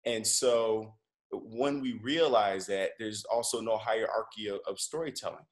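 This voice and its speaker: A man's voice: fairly low pitch, unhurried. A comedian and podcast guest telling a story in easy conversation, a man who rambles a little and often restarts his sentences. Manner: relaxed, rambling, with frequent restarts.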